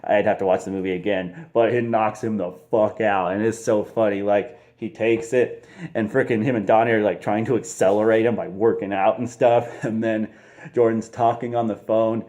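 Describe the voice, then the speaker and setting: A man's voice: lowish voice, steady tone, moderate pace, darkish tone. A man casually reviewing a movie, rambling with lots of fillers and frequent laughs.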